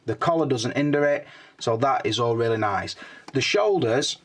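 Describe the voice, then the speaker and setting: Older bloke reviewing collectible figures, laid-back and blunt, drops the odd swear. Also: male voice, medium pitch, lively intonation, normal speed. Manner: chatty and frank, swears casually. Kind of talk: casual hands-on product review.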